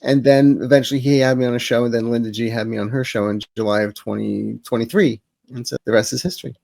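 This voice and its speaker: A man being interviewed as a psychic advisor, telling stories with quick jokes and asides. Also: medium pitch, fairly even intonation, vocal fry, darkish tone, dry recording. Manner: joking, storytelling, quick asides. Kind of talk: casual interview chat.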